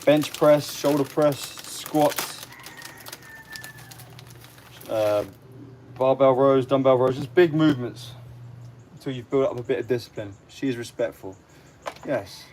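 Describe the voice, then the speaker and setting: A man's voice: mid-range voice, normal speed, a little hiss or hum. Laid-back man chatting on a livestream. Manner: relaxed, explains in short lists. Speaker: livestream host and fitness trainer. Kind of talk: casual livestream chat answering viewers.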